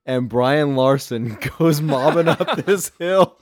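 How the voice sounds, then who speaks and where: Male host, quick and loose, filler-heavy. Dry room. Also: a little high, a little mellow, dry recording. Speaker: podcast host. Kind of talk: casual chat.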